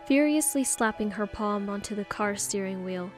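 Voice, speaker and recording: A woman's voice: medium pitch, normal speed, few pauses, soft background music. Woman narrating an audiobook story.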